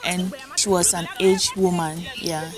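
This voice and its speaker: A woman actress and producer, a guest in a casual interview, telling stories in an animated way. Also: lowish voice, unhurried, rough recording. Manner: animated storytelling, often laughing.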